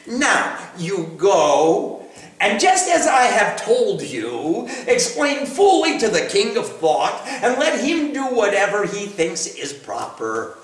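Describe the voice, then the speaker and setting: A scripture teacher reading and retelling a sacred text with chanted verses and frequent laughter. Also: mid-range voice. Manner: slow, animated, laughing often. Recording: roomy, from a distance.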